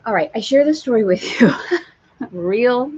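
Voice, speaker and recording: A woman's voice: fairly high pitch, expressive, unhurried, a little mellow, husky, highs cut off. A woman hosting a live stream from a sailboat, telling a candid story and reading viewer comments aloud. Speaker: spiritual teacher and live-stream host.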